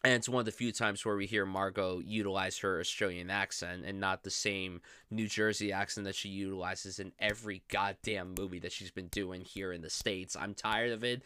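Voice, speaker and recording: A young man hosts a casual film podcast, gushing with enthusiasm. His voice sits a little low yet sounds bright and crisp. The recording is close and dry. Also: fairly even intonation, normal speed, few pauses, no room sound. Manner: gushing, enthusiastic, lots of "I love". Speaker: podcast host.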